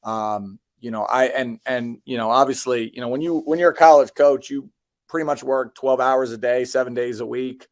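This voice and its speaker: A man's voice: mid-range voice, normal speed, dry recording. Rambling dry-humored man coach. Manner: rambling, many ums and restarts, dry self-deprecating jokes. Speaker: basketball coach, guest. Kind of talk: casual interview answers.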